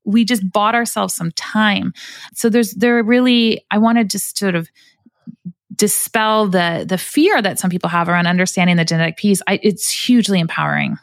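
A woman's voice: mid-range voice, normal speed, dry recording. Thoughtful woman host, dry mic. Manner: thoughtful, explanatory, uses analogies. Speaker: podcast host. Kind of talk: conversational interview.

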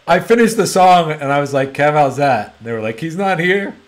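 A man's voice: a little high, lively intonation, moderate pace, heavy background noise. A middle-aged man hosting a podcast, casually prompting his guest to tell a story, often repeating his words. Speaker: podcast host. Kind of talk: casual interview chat.

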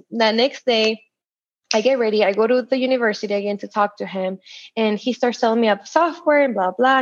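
A woman's voice: a little high, dry recording, dull audio. A woman in her twenties from El Paso, a guest telling a long story and acting out the voices of the people in it, laughing often. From El Paso, Texas. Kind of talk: storytelling interview.

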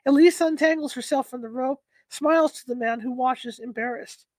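A woman narrating a story aloud in a measured, steady way. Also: sits high, dry recording, low-quality recording.

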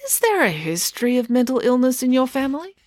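A woman voicing a kindly but patronising male doctor who speaks slowly and patiently. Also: high voice, big pitch swings, no echo, clean studio sound, pitched above the performer's own voice. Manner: slow, patient, soothing.

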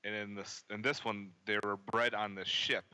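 A man's voice: fairly low pitch, flat delivery, moderate pace, bright, forceful tone. A man co-hosting a casual movie podcast, recounting scenes and acting out the lines. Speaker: podcast co-host.

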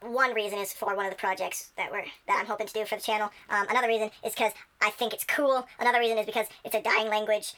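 A woman's voice: medium pitch, flat delivery, quick pace, hardly any pauses, a bit bright. A young woman chatting casually as a channel host, enthusiastic and rambling with many fillers. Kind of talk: casual chat.

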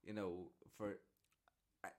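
A man with a fairly low voice co-hosts a casual podcast. He teases his partner and drops in jokey, mock-formal asides. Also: little pitch movement, slow pace, crowd noise. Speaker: podcast co-host. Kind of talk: casual chat.

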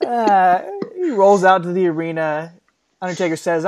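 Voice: medium pitch, normal speed, darkish tone. Dry-humored podcast co-host. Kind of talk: casual chat recapping wrestling.

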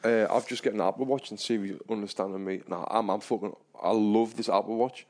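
A man's voice: on the low side, steady tone, brisk, darkish tone. A young man co-hosting a casual podcast, telling stories in a laid-back, sweary way with frequent restarts. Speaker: podcast co-host.

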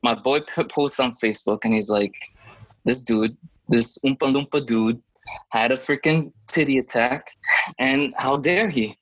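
A man in his thirties, co-host of a podcast, telling a story in a casual, animated way and jumping into high voices when he quotes people. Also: moderate pace, no room sound, rough recording.

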